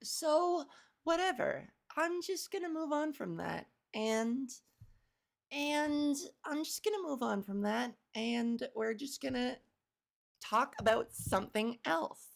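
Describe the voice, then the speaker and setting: A woman's voice: on the high side, unhurried, gravelly. A woman hosting her own solo comedy podcast, talking casually from home into a microphone, rambling, self-deprecating and swearing freely. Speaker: podcast host and stand-up comedian.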